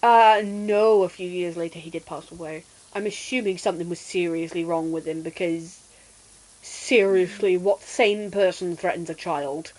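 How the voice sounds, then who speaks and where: A woman streamer chatting casually and telling an animated childhood story while gaming. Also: fairly low pitch, normal speed, low-quality recording.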